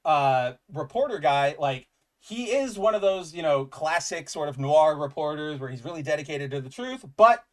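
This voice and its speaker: A man's voice: on the high side, expressive, normal speed. A man co-hosting a casual comics chat, enthusiastic and rambling, with lots of "like" fillers. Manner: enthusiastic, rambling, says "like" often. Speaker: podcast co-host.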